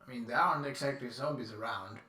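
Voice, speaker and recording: A man's voice: medium pitch, quick pace, sharp tone, reverberant, distant mic. A man streaming live, casually reading out descriptions and musing aloud with lots of fillers.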